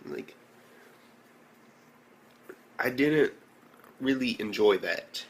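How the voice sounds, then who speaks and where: A young man reviewing an anime episode in a casual, excitable rant full of slang and swearing. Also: mid-range voice, normal speed.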